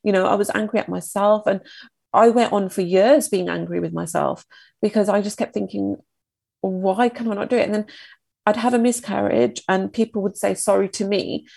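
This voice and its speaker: Gravelly-voiced woman sharing her story. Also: medium pitch, fairly even intonation, a little mellow, no echo. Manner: emotional, halting, reflective. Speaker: guest. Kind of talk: candid personal storytelling.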